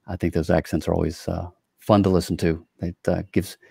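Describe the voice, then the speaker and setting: Male co-host, very low voice, dry close sound; rambling, hedging talker. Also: brisk, vocal fry, breathy edge, dry recording. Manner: relaxed, wordy, hedging with fillers. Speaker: podcast co-host. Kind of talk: casual interview chat.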